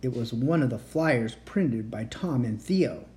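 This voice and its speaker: A home reader reading a children's chapter book aloud. The voice is dark and mellow, and the pitch moves a lot through the story. There are occasional slips and restarts. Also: lively intonation, measured pace.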